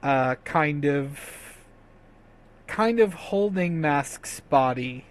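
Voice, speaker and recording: A man leads a tabletop game as game master, narrating in a slow, hushed way. His voice sits a little high, and he breaks into quicker chatty asides between story beats. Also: expressive, rough recording.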